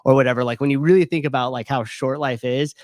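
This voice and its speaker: A man's voice: mid-range voice, steady tone, fast talker, dry recording. Thirties guy rambling candidly, lots of like and swearing, dry close sound. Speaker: gym owner and guest. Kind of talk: casual storytelling.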